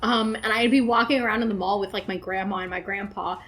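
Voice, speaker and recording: A woman's voice: mid-range voice, fairly even intonation, fast, fairly bright tone. A young woman co-hosting a casual chat, telling stories in a rambling, giggly way with lots of fillers. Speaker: host's girlfriend, co-host.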